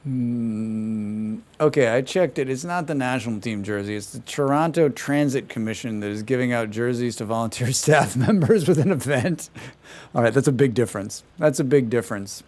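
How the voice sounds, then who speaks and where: A male streamer talks casually while he plays a game. His voice sits at a mid pitch, and he keeps up a running stream of sarcastic jokes and offhand remarks. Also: moderate pace, a little mellow. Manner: sarcastic, joking asides. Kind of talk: casual chat during a gameplay livestream.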